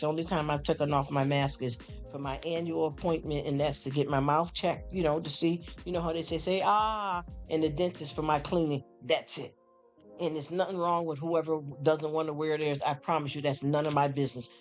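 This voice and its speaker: A man on a casual live stream who talks straight to his viewers, rambling, heartfelt, often stammering and repeating himself. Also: on the high side. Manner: talks straight to chatters, calls them honey and y'all. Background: faint background music.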